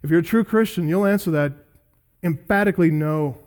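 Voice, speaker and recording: A male pastor preaching an expository sermon, emphatic, building through repeated lists and slowing down on key words. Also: fairly high pitch, darkish tone.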